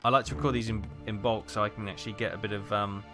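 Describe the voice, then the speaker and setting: A man's voice: lowish voice, fairly even intonation, fast. A Welsh man giving rambling let's play commentary, muttering and thinking aloud as he pieces things together. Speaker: game streamer. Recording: voice over game music. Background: game music.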